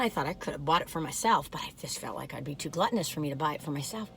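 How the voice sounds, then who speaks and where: An older woman vlogger tastes cookies in her car, gushing and giggling through a casual chat. Her voice is deep and gravelly, animated and very fast, with slight background noise.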